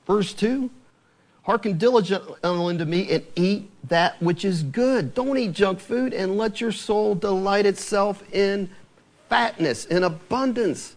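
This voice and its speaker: Guy preaching a sermon, kinda high voice, swings all over, quotes scripture with punch. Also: measured pace. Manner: lively preaching, quoting scripture with rising emphasis.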